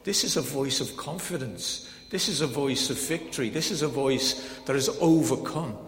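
A man preaching a sermon in a conversational, animated way, swinging between loud proclamation and soft emphasis. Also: medium pitch, moderate pace. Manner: conversational, with many fillers like "kind of, like". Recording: echoey hall with faint background noise.

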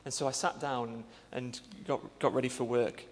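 A young man, a church intern, telling a personal testimony earnestly, with many pauses and fillers. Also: mid-range voice, steady tone, big-room sound.

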